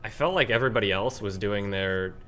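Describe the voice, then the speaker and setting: A man guesting on a casual movie podcast, laying out his criticisms in a measured way. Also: on the low side, a bit bright. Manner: measured, critical, lays out points. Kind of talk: casual film chat.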